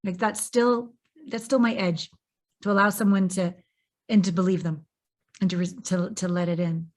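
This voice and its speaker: A woman's voice: fairly low pitch, steady tone, moderate pace. A woman hosting a podcast interview, talking in an effusive, searching way as she shares and asks questions. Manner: effusive and searching, full of "like" and restarts. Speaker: podcast host. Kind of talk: casual interview conversation.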